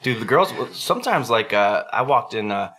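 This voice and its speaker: A man chatting on a podcast, his voice bright and bouncing all over the place as he tells crude stories. He swears freely and laughs often. He acts out other people in a high, squeaky voice. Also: sing-song, moderate pace. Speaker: podcast co-host. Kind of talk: casual crude chat.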